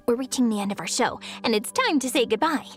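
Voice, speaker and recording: Actress as an eager, playful co-host; high and lively scripted read. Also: female voice, brisk, soft background music, close to an everyday voice. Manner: excited, playful. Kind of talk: scripted game broadcast hosting.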